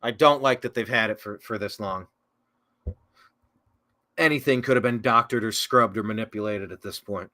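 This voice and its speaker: A man's voice: lowish voice, normal speed, long pauses, bright, forceful tone. Sarcastic man hosting a political show. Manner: sarcastic, rambling, self-correcting with mocking asides. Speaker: political talk show host. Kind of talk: casual political commentary, reading viewer comments aloud.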